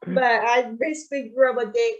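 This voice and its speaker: A woman's voice: fairly high pitch, fairly even intonation, fairly quick, muffled recording, a loud crowd. A young woman hosting a podcast, rambling through a story in casual chat with lots of fillers. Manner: rambling, retells events with many fillers. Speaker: podcast host.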